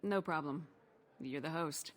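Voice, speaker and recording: A woman's voice: sits low, unhurried. An actress voicing a composed, direct female commander posing as a mercenary leader.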